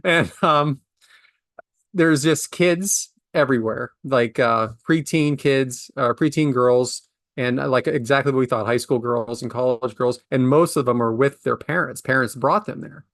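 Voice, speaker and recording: A man's voice: unhurried, fairly bright tone, no echo, clean studio sound. A man in his forties telling a story in a casual, exasperated, ranting way. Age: 40s. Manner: exasperated, ranting, swings from low mutter to high outburst. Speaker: podcast host.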